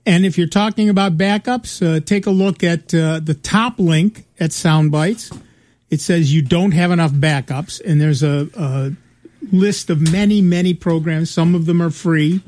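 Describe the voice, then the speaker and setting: A man's voice: on the high side, unhurried, a little mellow. A man hosting a tech talk show, chatting casually and agreeably. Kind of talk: casual chat.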